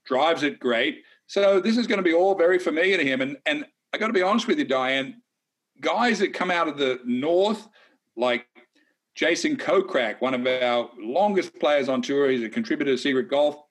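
A man co-hosting a casual golf betting chat, talking in a chatty, animated way with folksy asides. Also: fairly high pitch, normal speed. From Australia. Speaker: golf analyst co-host.

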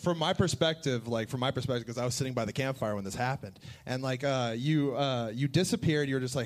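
A man's voice: mid-range voice, quick pace, few pauses. Rambling man on a comedy stage. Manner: rambling, filler-heavy. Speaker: comedy show co-host. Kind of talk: live comedy show banter. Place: stage before a live audience.

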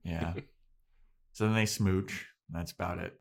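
A man's voice: low voice, steady tone, a little slow, creaky, slightly rough. A man co-hosting a podcast, recapping scenes in a laid-back, casual way. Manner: retells scenes with acted-out quotes, laid-back. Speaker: podcast co-host. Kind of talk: casual chat.

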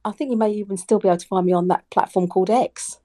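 A woman's voice: mid-range voice, fast, mellow. Rambling, earnest woman guest. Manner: rambling, many restarts, earnest. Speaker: podcast guest, personal branding coach. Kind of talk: casual podcast chat.

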